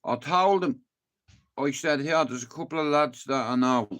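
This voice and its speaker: A man's voice: medium pitch, normal speed, a bit bright. A man with a Dublin Irish accent chatting casually to his livestream viewers, rambling and swearing freely. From Dublin, Ireland.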